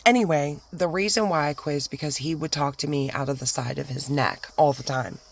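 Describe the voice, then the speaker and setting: A woman's voice: sits low, a little fast, vocal fry, slight background noise. A woman vlogger telling a storytime rant about an old job, swinging between fired-up complaints and whispered asides.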